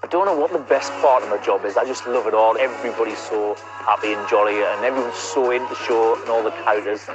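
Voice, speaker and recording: A man who works as a voice-over narrator, talking about his job in a measured, deadpan way. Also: on the low side, muffled recording, music in the background. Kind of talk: mock-documentary interview and chat.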